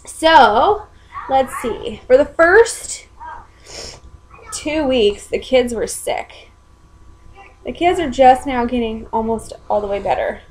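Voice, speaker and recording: A woman's voice: high voice, lively intonation, slow pace, pauses often, darkish tone, a little hiss or hum, poor audio. A young woman and mother, chatting casually at home in a rambling way with many ums. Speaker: mother and vlogger. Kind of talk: casual chat.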